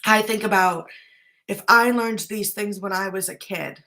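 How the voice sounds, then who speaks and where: Woman, life coach, bright clear voice, chatty, earnest, casual talk to camera. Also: mid-range voice, steady tone, measured pace. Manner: chatty, earnest, says "right?" often. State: briefly choked up at times.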